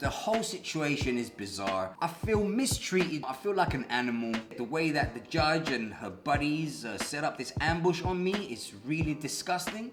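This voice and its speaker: A man's voice: on the high side, big pitch swings, fairly quick, few pauses. A man talking to camera about a legal fight, aggrieved and emphatic, often acting out both sides of a conversation. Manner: aggrieved, emphatic, talks in quoted dialogue. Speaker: vlogger. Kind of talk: commentary to camera. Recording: echoey room with background music.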